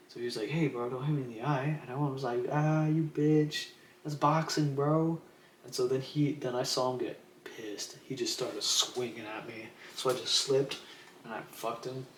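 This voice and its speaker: Young dude streaming, rambly casual storytelling, cusses a lot, roomy echo, faint hum behind. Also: male voice, medium pitch. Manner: rambling, laid-back, swears freely, acts out quotes. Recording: echoey room with faint ambient noise.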